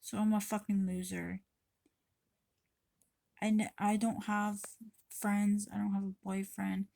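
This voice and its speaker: A woman's voice: mid-range voice, level tone, takes it slowly, vocal fry, mellow, no echo. A woman vlogging to her camera in a rambling, confessional way, swearing freely and often restarting her sentences. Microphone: camera mic.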